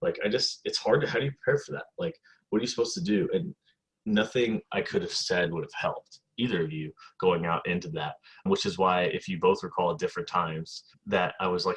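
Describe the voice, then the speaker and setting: A man's voice: deep voice, brisk, fairly bright tone, husky. A man hosting a casual podcast chat, rambling and reassuring as he tells stories. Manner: rambling, reassuring, laughs while telling stories. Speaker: podcast host.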